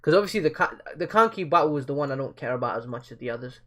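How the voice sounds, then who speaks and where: A man's voice: fairly high pitch, lively intonation, rapid-fire, fairly bright tone. A young man reading a manga aloud live and breaking off into casual, joking, slangy reactions.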